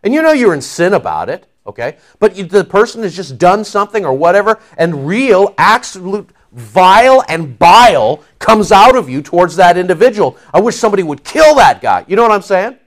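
A man's voice: sits high, very animated, normal speed, few pauses. A man preaching a sermon in an emphatic, conversational way, often checking in with his listeners with "okay?" and "see?".

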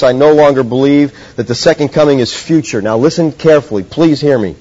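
A man's voice: a little high, darkish tone. A middle-aged man preaching a sermon in an earnest, teacherly way, often putting questions to his listeners. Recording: dull lo-fi sound.

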